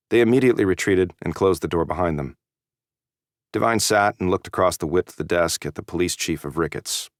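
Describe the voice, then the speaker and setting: Male narrator, deep voice, measured scripted reading, dry studio sound. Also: no echo. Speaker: audiobook narrator.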